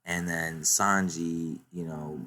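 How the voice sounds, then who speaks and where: Low-voiced man doing a casual recap. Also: slow pace. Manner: excited retelling with many fillers. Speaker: YouTuber recapping a manga chapter.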